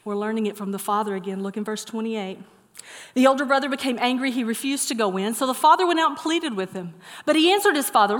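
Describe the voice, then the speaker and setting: A middle-aged woman preaching a sermon, moving from lively storytelling to soft, earnest encouragement. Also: fairly high pitch, quick pace. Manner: animated storytelling, then soft earnest exhortation. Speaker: pastor. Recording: long hall reverb.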